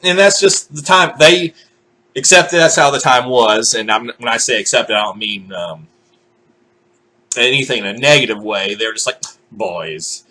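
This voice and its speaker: A man's voice: medium pitch, moderate pace. A man ranting casually to camera in a vlog, swearing freely and acting out what other people say. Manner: profane, animated, acts out quoted voices. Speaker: vlogger.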